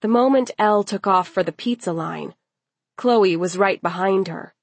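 A woman reading a story aloud as narrator, in a steady, unhurried way. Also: medium pitch, no echo.

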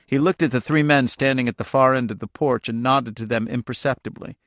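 A man reading a suspense novel aloud in steady, measured audiobook narration. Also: medium pitch, no room sound, studio quality. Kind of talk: scripted narration.

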